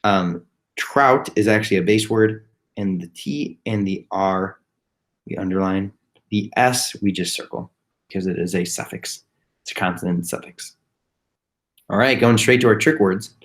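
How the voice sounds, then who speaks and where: A man teaching a phonics lesson to young children. He spells words letter by letter, slowly and patiently. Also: lowish voice. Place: home, recorded remotely.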